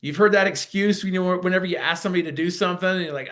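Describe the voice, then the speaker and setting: A middle-aged man from Utah giving an energetic motivational talk, telling a story and driving home repeated phrases. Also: high voice, very fast, few pauses. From Utah, USA. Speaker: motivational speaker.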